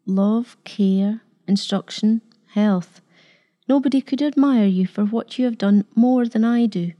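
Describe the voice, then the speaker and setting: A woman doing a gentle old vicar. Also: mid-range voice, measured pace, lo-fi sound, natural voice. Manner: soft, quiet and gentle. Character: gentle, kindly old male village vicar.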